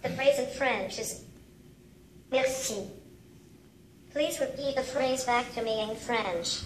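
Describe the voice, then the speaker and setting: Robot tutor, female synthetic voice, slow and high-pitched, polite fixed phrases, echoey room. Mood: patient. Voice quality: flat, evenly paced robotic speech. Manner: repeats the same set phrases. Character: small humanoid robot language tutor, polite and patient. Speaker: language tutor. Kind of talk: synthesized speech. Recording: echoey room with faint noise.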